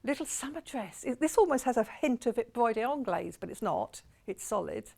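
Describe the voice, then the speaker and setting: A chatty woman with a Portsmouth accent presents products live on a shopping channel, gushing over each one and drifting into asides. Her voice sits a little high and carries a gravelly fry. She speaks from a television studio. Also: lively intonation, moderate pace, dark tone. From England.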